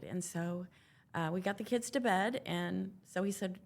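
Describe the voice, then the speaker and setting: An older woman speaking as a guest on an interview podcast. Her voice is gravelly with a bit of fry, and her pitch sits in the middle. She tells a personal story earnestly and reflectively. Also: fairly even intonation, moderate pace, a little mellow. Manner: earnest, reflective, quotes her own past words.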